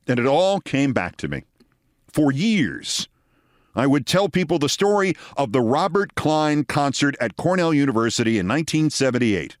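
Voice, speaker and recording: In this storytelling monologue, a host with a medium-pitched voice speaks at a normal speed while recounting a long personal anecdote and animatedly voicing the people in it. The recording is clean studio sound with no room sound.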